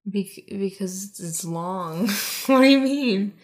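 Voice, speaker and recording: Woman co-host, casual chat, swears freely, mid-pitched voice, jokey movie recap. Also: animated, slow. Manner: loose, profane, jokey storytelling.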